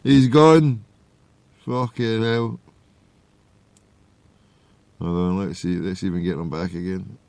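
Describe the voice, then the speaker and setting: A man's voice: low-pitched, slow, creaky, long pauses, darkish tone. A Glaswegian man hosting a call-in show, boisterous, laughing and swearing a lot. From Scotland. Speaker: show host. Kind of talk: crude casual call-in chat.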